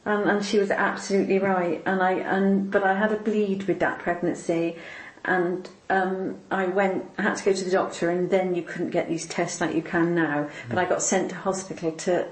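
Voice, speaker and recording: A woman being interviewed, recounting a personal faith story in a halting, emotional way, often repeating her words. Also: lowish voice, little pitch movement. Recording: roomy echo.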